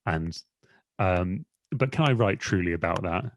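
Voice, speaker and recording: A low-pitched, animated man talks a little slowly as a guest editor in a casual interview. He is a magazine editor appearing on a podcast, and he rambles in a self-deprecating way, using many fillers.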